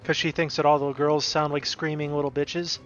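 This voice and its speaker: A man chats casually on a live stream, winding through a story with restarts and asides. His voice sits a touch high for a man. The audio is dull and lo-fi, with music playing softly behind him. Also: little pitch movement, normal speed. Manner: rambling, self-interrupting storyteller. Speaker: stream co-host. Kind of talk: casual chat.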